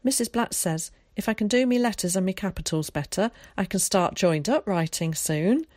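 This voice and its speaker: A woman reading aloud and voicing an eager, timid young boy who talks quickly and a little breathlessly. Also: mid-range voice, animated, darkish tone, dry recording, clean studio sound, close to an everyday voice.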